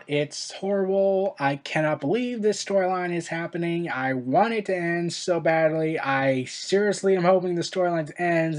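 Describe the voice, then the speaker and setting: A vlogger gives casual, opinionated wrestling commentary in a medium-pitched, darkish voice. The delivery rambles and sounds exasperated, with frequent self-corrections.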